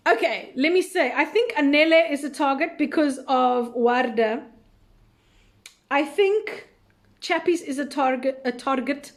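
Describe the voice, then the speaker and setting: A woman's voice: high-pitched, slow pace. A woman hosting a live recap chat, thinking aloud with many fillers and answering viewer questions in a loose, unsure way.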